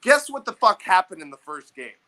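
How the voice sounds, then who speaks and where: A young man on a podcast tells a story in loose, animated chat. His voice sits a little high and rings bright and forceful. He swears freely as he gets fired up. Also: fairly quick. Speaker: podcast host. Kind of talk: casual chat.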